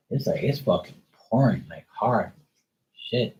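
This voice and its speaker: A man hosting a casual live stream, cursing freely and joking with viewers, then softly soothing his dog. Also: fairly low pitch, lively intonation, a little slow, breathy edge, poor audio. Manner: loose, profane, teasing banter with viewers. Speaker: live stream host reading chat.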